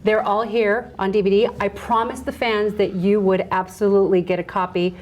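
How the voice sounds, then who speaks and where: A woman's voice: medium pitch, flat delivery, moderate pace, a little mellow, a little hiss or hum. A woman hosting an interview show, talking in a chatty, gushing, enthusiastic way. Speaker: show host. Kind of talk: casual interview chat.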